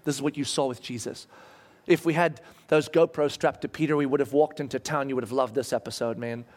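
A man preaching a sermon, telling a story in a lively, conversational way. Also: medium pitch, fairly quick. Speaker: pastor.

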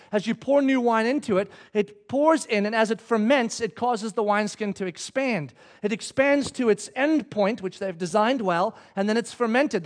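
A middle-aged man preaching a sermon, telling stories and acting out the quotes with lively energy. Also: very high-pitched. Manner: animated storytelling, acting out quotes.

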